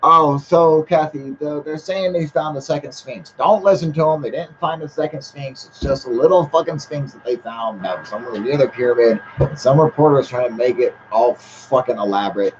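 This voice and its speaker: A man's voice: medium pitch, moderate pace, dull audio, a little hiss or hum. Tipsy man swearing through a livestream. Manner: heavy swearing, laid-back, reads chat aloud. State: a little high and drunk. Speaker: livestream host. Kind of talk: casual rambling livestream chat.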